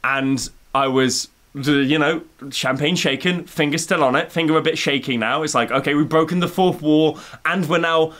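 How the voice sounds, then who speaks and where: A man doing a rambling comedic film review rant that keeps building to shouted outbursts. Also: a little high, normal speed. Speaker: video essayist.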